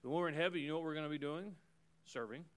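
Man, pastor, sermon, high voice, smooth clear tone, emphatic, rhythmic repetition, loud-to-hushed swings. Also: fairly even intonation, racing. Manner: repeats phrases in rhythmic runs.

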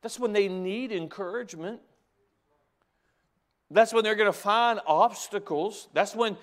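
High-voiced preacher swinging soft to loud. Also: male voice, normal speed. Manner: repeats phrases for emphasis. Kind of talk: sermon. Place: church sanctuary.

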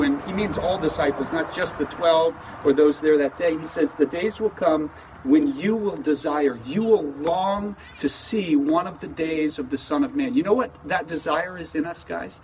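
Male pastor, higher-pitched, earnest and chatty, recorded from a few feet back outdoors with faint traffic behind. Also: darkish tone. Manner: earnest, conversational preaching with frequent restarts. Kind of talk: sermon with opening prayer. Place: outdoor service in a parking lot. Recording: distant mic with faint outdoor noise.

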